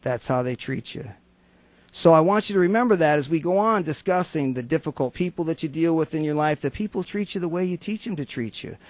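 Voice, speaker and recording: A man's voice: fairly high pitch, lively intonation, brisk, dry recording. A man hosting a motivational radio talk show, telling everyday stories and acting out the people in them for laughs. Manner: storytelling, acts out quoted voices for humor. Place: radio studio.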